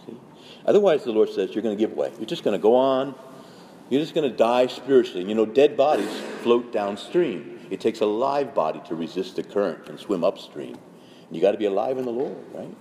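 A man's voice: on the low side, expressive, brisk, dark tone. A man, a Catholic priest speaking to fellow priests, preaching urgently with many restarts and reading scripture aloud. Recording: long hall reverb, faint background noise.

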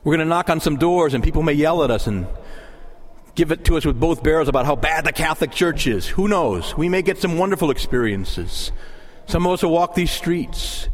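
A man preaching a sermon, animated and pleading as he moves between teaching and prayer. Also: a little high, a little fast. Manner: lively, rising to impassioned pleading in prayer. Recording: long hall reverb.

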